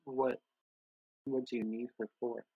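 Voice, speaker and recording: A woman playing a tabletop game who asks wry questions. Her voice is low, husky and gravelly for a woman. Her mic sounds dull and dry. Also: flat delivery, measured pace, no room sound. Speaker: player. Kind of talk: casual tabletop play.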